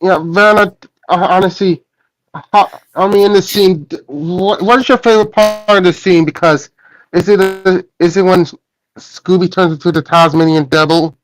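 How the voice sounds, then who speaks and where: Halting man with a dry close sound. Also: high-pitched, steady tone, dry recording, poor audio. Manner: halting, with frequent restarts. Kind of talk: casual chat.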